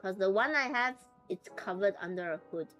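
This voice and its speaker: A young woman chatting on a live stream in a middle-pitched voice, giggly and rambling as she thinks aloud. Soft music plays faintly underneath her talk. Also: lively intonation, normal speed. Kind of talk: casual live-stream chat.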